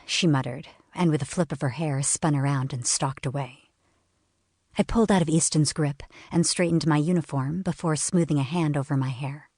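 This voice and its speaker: A woman narrating a first-person novel in a measured, expressive reading. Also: deep voice, breathy edge, no echo, studio quality. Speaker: audiobook narrator.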